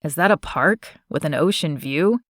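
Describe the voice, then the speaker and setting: A woman narrator voicing a smitten young man, the earnest romantic lead of an audiobook, in a slightly lowered, tender delivery. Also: expressive, moderate pace, a bit bright, dry recording, clean studio sound. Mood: eager. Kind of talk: audiobook character voice.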